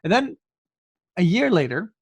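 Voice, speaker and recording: A Canadian man in his twenties, a podcast guest telling his story in an animated way and often repeating words as he starts a sentence. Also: sits high, unhurried, gravelly, breathy edge, no echo. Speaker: podcast guest, youth speaker. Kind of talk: storytelling in conversation.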